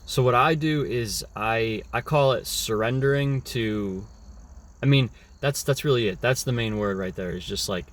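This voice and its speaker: A man's voice: medium pitch, normal speed. A young man talking through a casual, rambling reflective monologue, often restarting his words. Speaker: vlogger.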